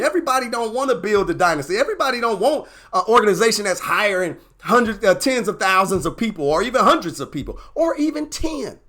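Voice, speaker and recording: Fired-up preaching man, high and lively. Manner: fired-up, preaching, repetitive emphasis. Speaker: host. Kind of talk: impassioned motivational talk.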